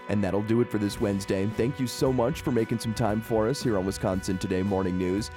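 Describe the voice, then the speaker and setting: A man hosting a radio news podcast, signing off the show with a friendly, smooth read. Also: lowish voice, fairly even intonation, fairly quick. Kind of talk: scripted show sign-off. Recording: music bed underneath.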